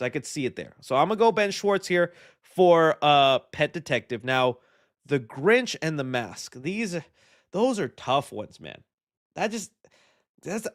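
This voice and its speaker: A man's voice: a little high, a bit bright. A man hosting a live movie news stream, chatting loosely with his viewers, joking, trailing off and restarting his thoughts. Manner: rambling, joking, reads and answers chat, hesitant restarts. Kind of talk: casual live-stream chat.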